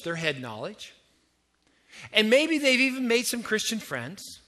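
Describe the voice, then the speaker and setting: A middle-aged Canadian pastor preaches in a lively, conversational way and keeps drawing his congregation in with questions. His voice sits high for a man. It has a bright, forceful ring. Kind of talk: sermon.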